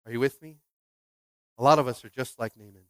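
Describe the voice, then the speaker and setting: A pastor preaching a lively sermon, acting out scripture characters and often checking in with the congregation. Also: male voice, fairly quick, smooth, no echo. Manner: animated, acts out Bible characters with big pitch jumps; asks the congregation "are you with me?".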